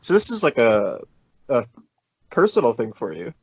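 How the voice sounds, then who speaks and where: A young man from Maryland, co-hosting a casual podcast chat and teasing his friends with deadpan jabs. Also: mid-range voice, normal speed. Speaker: podcast co-host.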